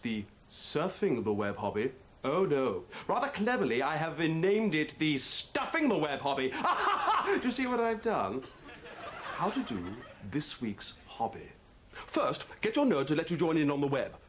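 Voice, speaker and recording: A man's voice: on the high side, breathy edge. A man playing a pompous, self-important adult male hobby obsessive in a sketch comedy monologue.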